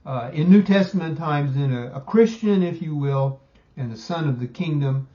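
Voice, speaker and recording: Male Bible teacher with a raised-pitch voice, emphatic delivery, dull low-fidelity recording. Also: mellow. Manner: emphatic, slows down to stress key words. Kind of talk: recorded Bible study lesson.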